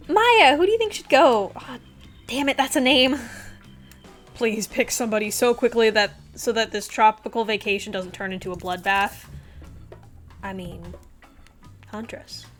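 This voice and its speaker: A young woman streamer reading game dialogue aloud, swinging between loud outbursts and hushed storytelling. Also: on the high side, moderate pace, faint music behind.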